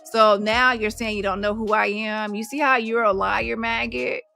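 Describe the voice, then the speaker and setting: Bright, taunting woman livestream host. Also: on the high side, fairly even intonation, normal speed, gravelly, faint music behind. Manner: taunting, confrontational, addresses viewers directly. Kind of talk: heated reaction commentary.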